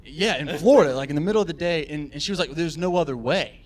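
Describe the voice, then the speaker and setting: A man's voice: fairly high pitch, quick pace. A man telling a funny story on a live podcast, acting out the voices of the people in it. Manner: animated, acts out quoted voices. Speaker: guest storyteller.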